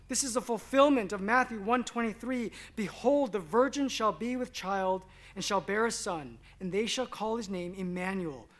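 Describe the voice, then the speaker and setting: High-voiced man preaching a sermon. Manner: emphatic preaching, swinging from loud declarations to hushed asides. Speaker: pastor.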